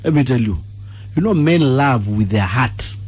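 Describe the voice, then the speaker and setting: A Kenyan man co-hosting a radio show, speaking emphatically in lively banter. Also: medium pitch, normal speed, husky. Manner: emphatic, mixes English and Swahili. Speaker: radio co-host.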